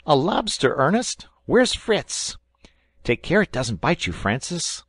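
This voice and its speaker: A proud young boy bursting with excitement, as a man puts him on for an audiobook, his voice jumping high and shrill. He exclaims every phrase loudly. The sound is close and dry. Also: slow pace, husky, no room sound, exaggerated voice. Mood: excited boastful.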